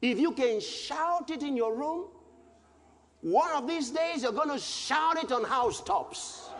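A male preacher delivering a sermon emphatically, repeating phrases and breaking into shouts. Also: extremely high pitch, expressive, unhurried. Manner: emphatic, repetitive, bursts into shouts. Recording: long hall reverb, faint background noise.

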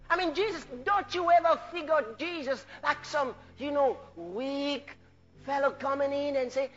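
A man preaching a fervent sermon, laughing and bursting into shouts of praise. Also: very high-pitched, animated, normal speed. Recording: dull lo-fi recording with faint music.

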